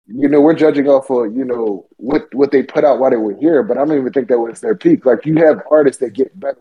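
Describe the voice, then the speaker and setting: A man's voice: medium pitch, quick pace, slightly rough, muffled recording. A man co-hosting a podcast in casual chat, laid-back, with many filler words and swearing. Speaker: podcast co-host.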